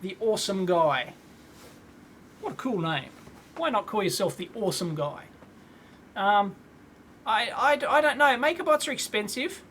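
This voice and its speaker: A man's voice: high-pitched, sing-song, a little slow, pauses often, fairly bright tone, a little hiss or hum. Chatty man answering live questions. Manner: casual, rambling, frequent throat clearing and laughs. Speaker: electronics video host. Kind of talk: live Q&A stream.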